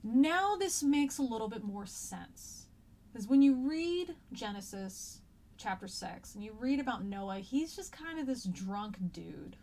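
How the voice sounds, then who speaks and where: A woman's voice: fairly high pitch, big pitch swings, a little slow, darkish tone. A woman teacher giving a casual, chatty lecture, paraphrasing old texts in slangy everyday words.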